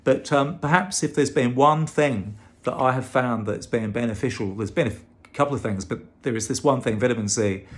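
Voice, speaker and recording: A man's voice: medium pitch, fairly quick. A man with a British-sounding Australian accent, talking casually to camera in an exasperated, emphatic way with frequent restarts. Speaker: vlogger and advocate for infected blood victims.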